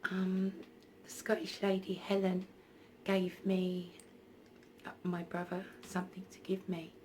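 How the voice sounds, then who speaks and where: Hesitant woman, low voice. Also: completely flat delivery, measured pace, a little mellow, a little hiss or hum. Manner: hesitant, many ums and restarts. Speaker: spiritual vlogger. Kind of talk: casual storytelling vlog. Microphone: phone.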